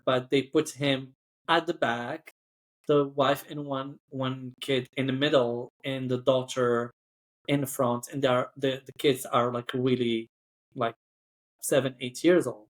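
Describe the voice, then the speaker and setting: A man's voice: mid-range voice, measured pace. A man who works as cabin crew, telling a story in a chatty podcast style, full of "like" and acted-out voices. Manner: chatty, acts out quoted voices, frequent "like".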